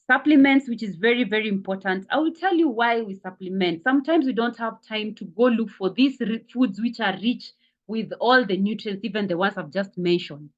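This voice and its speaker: Woman, wellness talk, repeats for emphasis, many fillers, dull lo-fi sound. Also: mid-range voice. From Kenya. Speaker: wellness speaker. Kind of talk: health talk presentation.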